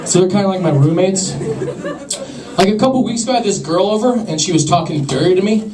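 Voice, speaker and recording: A young man doing a stand-up comedy set with an awkward, deadpan, self-deprecating delivery to a laughing crowd. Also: high voice, quick pace. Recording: echoey club from far off.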